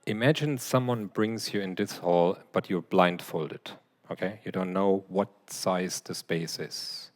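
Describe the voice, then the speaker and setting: A man's voice: low voice, a little slow. A man lecturing in a large hall, explaining points to an audience. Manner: explanatory, demonstrating with his voice. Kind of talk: lecture Q&A answer. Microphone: handheld or clip mic, briefly removed.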